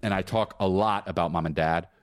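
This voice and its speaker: Give me a man in casual podcast chat, animated and swearing, recorded on a dry mic. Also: a little fast, no room sound. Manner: animated, swearing, acts out scenes in a high voice. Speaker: comedian, podcast co-host. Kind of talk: casual chat between brothers.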